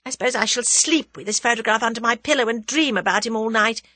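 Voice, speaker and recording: A woman reading an audiobook, voicing a spirited young woman who exclaims and scolds herself in a high, emotional voice. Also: fast, sharp tone, no echo. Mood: self-scolding.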